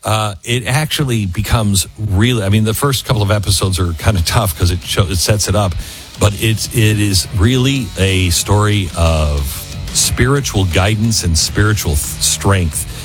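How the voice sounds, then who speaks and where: A man hosting a talk show, reading promos and an ad in a chatty, halting way with many fillers. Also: on the low side, over music. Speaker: radio host reading ads. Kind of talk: host-read promo and ad.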